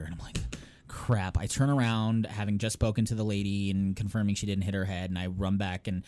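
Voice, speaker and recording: A young man tells a story on a casual podcast, in a somewhat low voice. He is animated, jumps into acted-out quotes and laughs along the way. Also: brisk. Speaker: podcast co-host.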